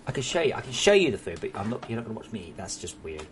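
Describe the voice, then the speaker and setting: A man's voice: lowish voice, very animated, very fast, slight background noise. A young English man chatting casually while streaming a game at home, joking and swearing freely. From England. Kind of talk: casual live-stream chat.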